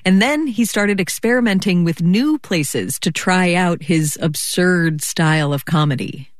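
A woman's voice: fairly low pitch, a little slow, no echo, clean studio sound. Woman reporter narrating a news story. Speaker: radio reporter.

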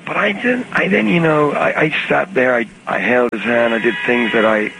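Gravelly-voiced man in halting phone interview. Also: medium pitch, noisy background. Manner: halting, many restarts, soft-spoken. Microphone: phone call recording. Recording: archival phone tape with music underneath.

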